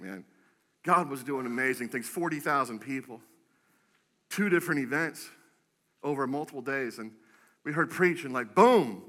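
A man preaching a sermon as pastor, telling stories with animated acted-out voices. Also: a little high. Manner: animated storytelling, acts out quoted voices. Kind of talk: energetic sermon.

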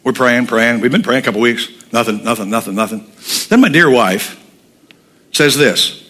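Male pastor, bright edgy tone, animated storytelling sermon delivery. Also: mid-range voice, normal speed. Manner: animated, humorous storytelling, blunt.

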